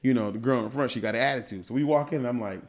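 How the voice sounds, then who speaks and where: Fast-talking man telling a story. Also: medium pitch. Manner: animated storyteller, acts out quoted voices, laughs often. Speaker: podcast co-host. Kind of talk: casual storytelling chat.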